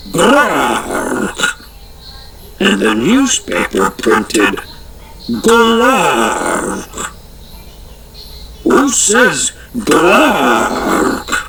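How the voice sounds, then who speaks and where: A man voicing a huge, hairy female forest creature who speaks in a deep, gravelly voice and grumbles slowly about being misquoted. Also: full character voice, low-quality recording. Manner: slow, grumbling and put-upon.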